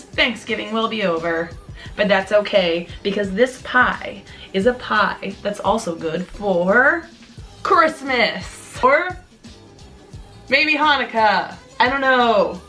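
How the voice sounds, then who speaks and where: A woman's voice: mid-range voice, bright, forceful tone. A woman hosting a home cooking video, chatting casually to viewers with joking asides, in her kitchen. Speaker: cooking channel host. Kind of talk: casual recipe vlog.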